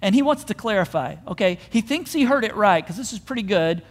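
High-voiced pastor preaching in a reverberant hall. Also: male voice, brisk. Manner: animated storytelling, acting out crowd voices. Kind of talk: sermon.

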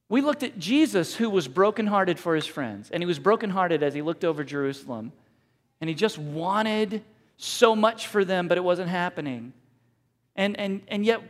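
A man in his forties preaching a sermon as pastor, conversational and animated, often correcting himself mid-sentence. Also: high-pitched. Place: church sanctuary. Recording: long hall reverb.

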